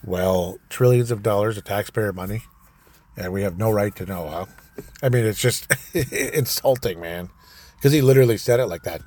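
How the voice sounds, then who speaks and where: A man's voice: on the low side, fairly quick, dark tone. A man hosting a solo podcast, casually reading news items and ranting with opinionated asides. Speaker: podcast host.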